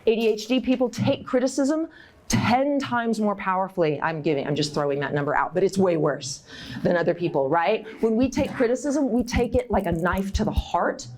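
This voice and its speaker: A middle-aged woman giving a live workshop talk at a conference, direct and encouraging, laughing often and jumping into high voices to act out inner thoughts. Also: normal speed, slight background noise. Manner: animated, acts out inner voices with big pitch jumps. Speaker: conference speaker. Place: conference room.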